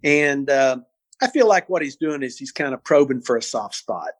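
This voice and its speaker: A man in his sixties, an interview guest recounting cases in an animated way, often repeating words as he goes. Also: mid-range voice, normal speed, dry recording. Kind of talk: storytelling interview.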